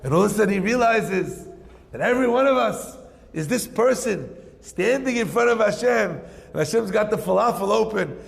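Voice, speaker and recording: High-voiced gravelly rabbi teaching. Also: male voice, moderate pace, big-room sound. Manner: rhetorical questions, lively storytelling. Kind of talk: Torah lesson.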